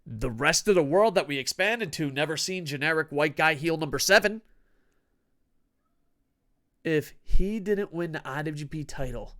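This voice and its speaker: A man hosting a wrestling news show in a casual, grumpy, profane rant that swings from low mutters to loud outbursts. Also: normal speed.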